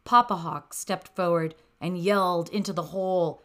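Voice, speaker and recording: A woman narrating a children's bedtime story in a gentle, expressive way. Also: on the low side, moderate pace, few pauses.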